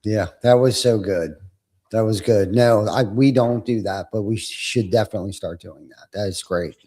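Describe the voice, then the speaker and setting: A man's voice: lowish voice, normal speed, dark tone. A middle-aged man hosting an interview, mostly giving short, affirming replies. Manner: brief affirming responses. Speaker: podcast host. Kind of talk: casual interview chat.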